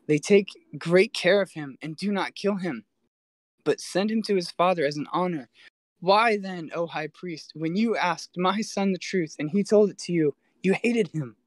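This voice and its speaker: A man's voice: on the high side, no echo, lightly acted. A man reading the lament of a grieving mother in a solemn, formal tone.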